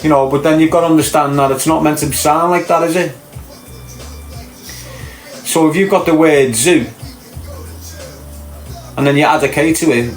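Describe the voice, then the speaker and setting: A man's voice: a little high, moderate pace, pauses often. Scouse guy rambling on a podcast, keeps asking rhetorical questions, echoey room, bit of music behind. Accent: Liverpool. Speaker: podcast host. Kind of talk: casual chat.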